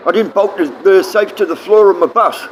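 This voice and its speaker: A man's voice: high voice, a little fast, a little hiss or hum, low-quality recording. A man with an Australian accent streaming live, rambling bluntly and swearing often as he talks to his chat.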